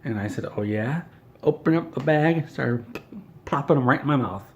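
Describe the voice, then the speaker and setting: A man's voice: mid-range voice, animated, a little fast, dull audio, slight background noise. A man doing an in-character comedy monologue, ranting in an indignant, whiny, self-important way.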